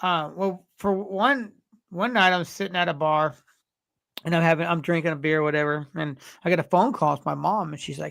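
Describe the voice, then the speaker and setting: A man's voice: a little high, steady tone, normal speed, vocal fry, fairly bright tone, no echo. A man in his forties co-hosting a podcast, rambling through stories in casual chat and swearing freely. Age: 40s. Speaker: podcast co-host.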